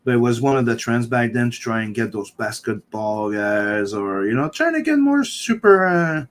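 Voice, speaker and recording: A man's voice: mid-range voice, big pitch swings, moderate pace. A man in a casual chat about movies, stopping and restarting his sentences.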